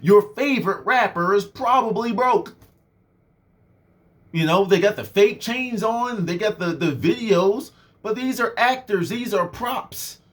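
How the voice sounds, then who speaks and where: A young man giving a casual motivational talk, animated and conversational, full of fillers, swinging his voice up and down for effect. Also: high-pitched, unhurried. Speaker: motivational speaker.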